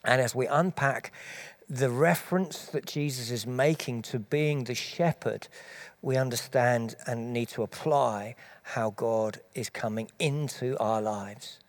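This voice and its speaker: A man preaching, giving a measured, explanatory Bible teaching talk with small restarts as he thinks aloud. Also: mid-range voice.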